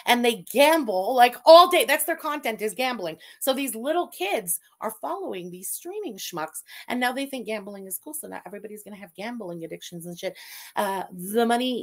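A young adult woman hosting a casual livestream, talking bluntly and swearing freely. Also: mid-range voice. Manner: blunt, profane and animated. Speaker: streamer host.

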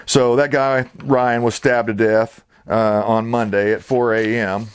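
Brief: male host, rambling sarcastic rant, mid-pitched voice. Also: little pitch movement, measured pace, clear, resonant tone. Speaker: channel host. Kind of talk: ranting commentary.

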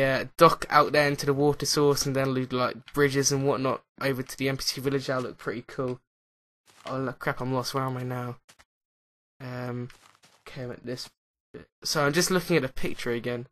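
Playing a building game for his channel, a young British man chats and rambles, thinking aloud as he goes. His medium-pitched voice sounds pushed and bright.

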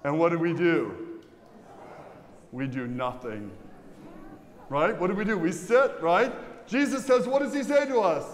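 High-voiced priest preaching in a reverberant church. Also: male voice, measured pace, long pauses. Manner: lively, asks the congregation questions. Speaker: pastor. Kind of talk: sermon. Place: large church. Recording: long church reverb, faint ambience.

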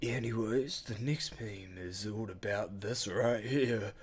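A man hosting a casual reaction video, talking in a playful, exaggerated, excitable way. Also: on the low side, slow pace, a crowd in the background.

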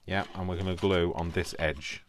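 A deep-voiced man with a Yorkshire accent talks through a papercraft build at a home work table. He chats casually and mutters asides to himself. A faint hiss sits under the recording. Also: level tone, normal speed. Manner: chatty, self-deprecating, talks to himself while working. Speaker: craft video host. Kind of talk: casual crafting tutorial.

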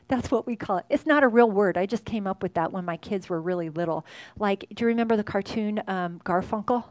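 A woman in her forties, a fitness instructor chatting warmly and effusively with her live class from an indoor space. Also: medium pitch, a little fast, dry recording. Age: 40s. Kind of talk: casual chat to a live class. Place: indoor home workout space.

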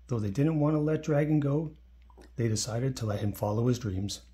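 A man reading a children's picture book aloud in a friendly, expressive way. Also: medium pitch, normal speed. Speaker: storybook reader.

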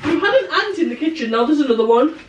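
A woman's voice: high-pitched, animated, quick pace, distant mic, dull audio, background noise. Chatty young woman in an echoey kitchen. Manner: chatty and teasing, laughs often. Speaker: vlogger. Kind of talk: casual chat. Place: home kitchen, indoors.

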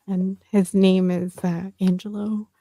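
A woman's voice: medium pitch, level tone, slow pace, mellow, no room sound. A woman co-hosting a casual chat, rambling through a family story and acting out the people in it. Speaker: podcast co-host.

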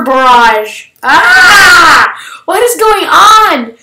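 A woman hosting casual gameplay commentary, excitable, shrieking and gasping at surprises. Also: on the high side, takes it slowly, long pauses, roomy sound, poor audio. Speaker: gaming channel host.

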